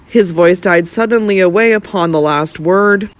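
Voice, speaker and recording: An audiobook narrator reading a classic novel in a slow, measured, dramatic way. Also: mid-range voice, no room sound.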